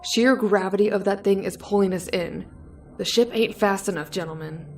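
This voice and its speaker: A woman's voice: mid-range voice, normal speed, a little mellow, soft background music, lightly acted. A woman voicing a stubborn male spaceship crewman who curses bluntly and defies his captain. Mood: grim. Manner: blunt, cursing, defiant.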